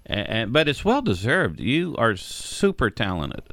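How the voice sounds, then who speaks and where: Lively, inquisitive male radio co-host. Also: mid-range voice, a little slow, no room sound, studio quality. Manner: enthusiastic, inquisitive. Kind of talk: casual radio interview. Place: radio studio.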